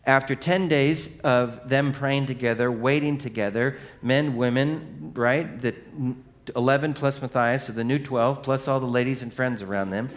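A man's voice: mid-range voice, normal speed. A male pastor giving a sermon in a conversational, joking storytelling manner, leading the congregation through scripture. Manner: leads the congregation in reading scripture.

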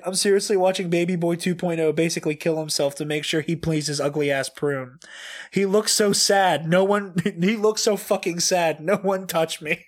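A man casually reading out reaction notes. He is animated and swears a lot, often breaking into laughter. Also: fairly high pitch. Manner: animated, profane, frequent laughter. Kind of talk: casual comedic chat.

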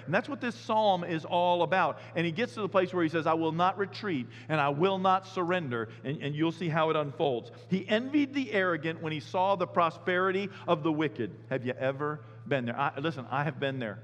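Male pastor, sermon, animated conversational delivery, slightly high voice, echoing hall. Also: brisk, hardly any pauses. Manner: animated, conversational preaching with sudden loud bursts. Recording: long hall reverb.

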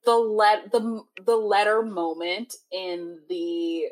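A woman co-hosting a casual chat, eagerly summarizing a story and rushing through the plot. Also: medium pitch. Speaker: podcast co-host. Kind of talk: casual chat recapping a book and movie.

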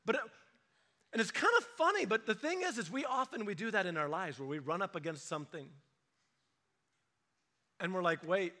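A male pastor preaching with a high, bright, forceful voice. He talks animatedly, acting out the voices of people he quotes for laughs. It is a lively sermon style. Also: normal speed, pauses often.

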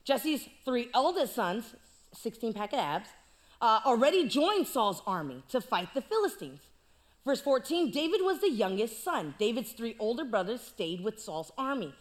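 A woman's voice: a little high, sing-song, moderate pace. A woman preaching a sermon, telling the story playfully with jokes and asides.

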